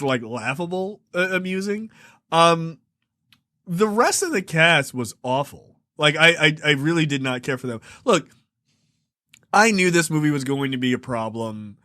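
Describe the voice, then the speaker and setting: A man reviewing a movie in a casual podcast chat, measured and agreeable, often laughing with his co-host. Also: fairly high pitch, pushed and bright, no echo, studio quality.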